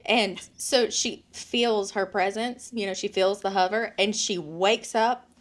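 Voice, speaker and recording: Woman podcast co-host, thirties, lively storyteller, acts out quotes, swears freely. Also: medium pitch, unhurried. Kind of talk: casual chat.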